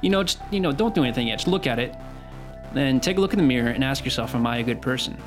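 A man's voice: medium pitch, lively intonation, racing. Male podcast co-host, loose and profane, joking banter, faint music underneath.

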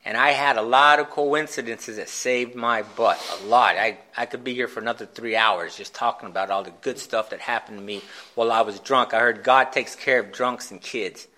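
A man telling his own recovery story in a candid, self-mocking way, with halting restarts. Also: medium pitch, steady tone, sharp tone. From Phoenix, Arizona, USA. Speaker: speaker sharing a recovery story. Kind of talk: personal storytelling talk at a recovery meeting.

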